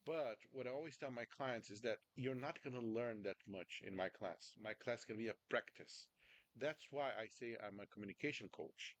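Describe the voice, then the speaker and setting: An American communication coach speaks in a mid-range voice at a moderate pace, running a video-call session with a student. He's chatty and casual, constantly checking in with "right?" and "understand?"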